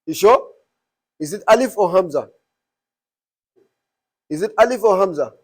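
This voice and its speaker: Teacher, male, fairly high voice, quizzes the room as he explains. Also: animated, normal speed. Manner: quizzing the class with repeated questions. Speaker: Arabic teacher. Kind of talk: classroom teaching.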